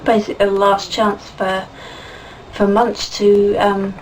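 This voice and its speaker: A woman's voice: mid-range voice, level tone, unhurried, a little mellow. A woman chats her way through a game review, laughing easily and wandering through her thoughts with plenty of ums. She sits some distance from the microphone, and a light background hiss stays under her voice. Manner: chatty and giggly, many fillers and laughs. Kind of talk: casual spoken game review.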